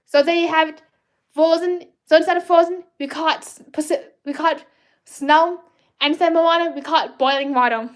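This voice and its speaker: A woman hosting a live art stream, chatting excitably with viewers while drawing, rambling and often restarting her sentences. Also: high voice, moderate pace. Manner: bubbly, rambling, cheers and greets viewers; self-corrects and restarts often. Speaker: livestream host drawing fan art requests.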